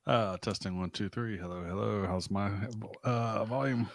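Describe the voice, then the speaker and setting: A man's voice: lowish voice, moderate pace, gravelly. A man co-hosting a live podcast in a laid-back, joking way. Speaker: podcast co-host. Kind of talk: casual chat.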